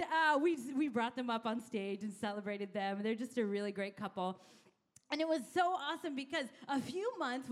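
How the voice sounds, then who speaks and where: A middle-aged woman pastor giving an energetic, conversational sermon and calling out to her congregation. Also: sits high.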